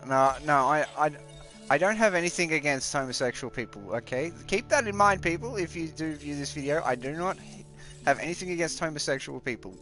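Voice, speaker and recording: A man's voice: a little high, animated, brisk, bright, forceful tone, soft background music. A man, chatting casually and rambling while live-streaming a game at home. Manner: rambling, chatty, talks aside to family.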